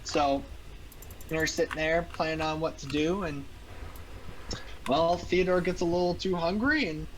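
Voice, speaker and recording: A man's voice: a little high, measured pace, pauses often, a little hiss or hum, rough recording. A man improvising a silly story while gaming, rambling and repeating words. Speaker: gamer telling a story. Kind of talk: improvised storytelling on a game stream.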